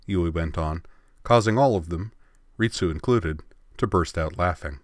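A man with a very low, deep voice reads a story aloud in a measured, expressive way. The sound is close and dry, with no room around it. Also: no echo. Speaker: narrator. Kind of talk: storybook narration.

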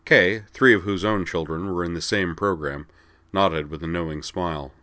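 A man reading a story aloud as narrator, in a steady storytelling manner. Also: sits low, normal speed, no echo.

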